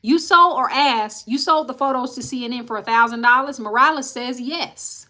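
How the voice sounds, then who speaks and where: On a live stream, a woman with a bright, somewhat high voice recaps court testimony at a normal speed. She reads each quote plainly, then stops to sigh or speak directly to her viewers, keeping a casual, frank tone throughout. Her audio comes from a live-stream mic.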